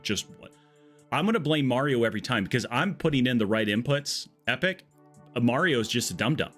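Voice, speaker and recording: A man's voice: lowish voice, a bit bright. A man streaming a platform game live, chatty and jokey, reading out and greeting chat viewers. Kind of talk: casual live-stream commentary.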